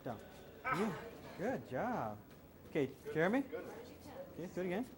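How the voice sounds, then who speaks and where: A man's voice: high-pitched, big pitch swings, normal speed, over a noisy crowd. A male self-defense instructor coaching a hands-on class with short, repeated commands.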